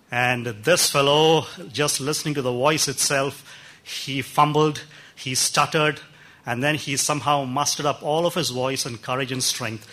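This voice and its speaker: A man delivering a sermon, his voice bright and ringing, sitting a touch higher than most men. He tells stories in a loose, conversational way, pausing often and filling gaps with small hesitations. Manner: warm anecdotal storytelling with pauses and fillers. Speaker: pastor. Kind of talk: sermon storytelling.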